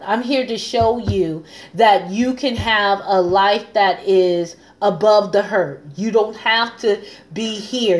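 A woman hosting a live stream as a coach and pastor, talking earnestly and repeating phrases for emphasis. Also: mid-range voice. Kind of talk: casual live-stream talk.

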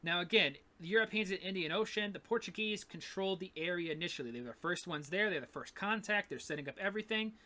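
A man's voice: high voice, fast, hardly any pauses, bright, forceful tone. A man teaching a recorded history lesson in a casual, rambling way, full of fillers and "right?" checks. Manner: casual, repetitive, with many fillers and "gonna", "right?".

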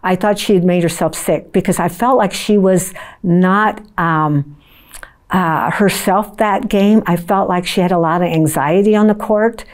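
A woman volleyball coach telling a story in a documentary interview, reflective and measured. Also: fairly low pitch.

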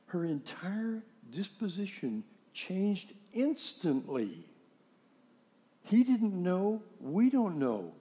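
A pastor with a high-sitting, warm voice preaches conversationally. He teaches through rhetorical questions and acts out everyday dialogue in little scenes to drive his point home.

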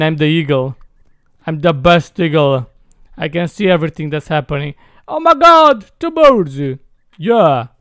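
Young man, high voice, slow talk, dry close mic, excitable gameplay chatter. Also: clean tone, no echo. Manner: excitable, bursts into loud high exclamations; playful slangy talk. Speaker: gamer. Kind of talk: casual gameplay commentary.

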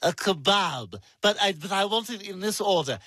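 A man's voice: high-pitched, animated, moderate pace, bright, forceful tone, slightly rough, dry recording, exaggerated voice. A man voicing a pompous, bossy infant boy who is tipsy and giggly.

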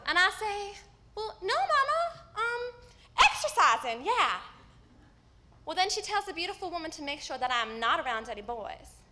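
A woman acting a stage monologue as a candid, wry woman recalling her teenage self, telling the story with vivid swings from hushed to loud. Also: high voice, fast talker, few pauses, slight background noise. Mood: breathless excited. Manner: storytelling with vivid shifts in loudness. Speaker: stage actor. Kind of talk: live theatrical monologue. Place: theater stage.

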